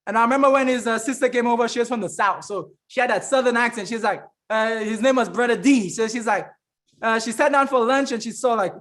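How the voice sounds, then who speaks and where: A man's voice: very high voice, fast talker, a bit bright. A man giving a fervent, preaching-style health talk as an evangelist and remedies trainer, rambling with restarts and often calling the listeners friends. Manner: rambling with frequent restarts and fillers.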